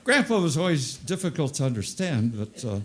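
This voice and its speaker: A man's voice: a little high, big pitch swings, fairly quick. Older man doing self-deprecating stand-up. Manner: self-deprecating, with repeated punchlines. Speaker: stand-up comedian. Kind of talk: stand-up comedy routine.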